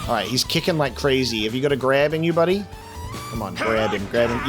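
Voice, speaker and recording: A man hosting a let's play, chatting excitedly about the game as he plays. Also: medium pitch, a little fast, over loud music. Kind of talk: game commentary.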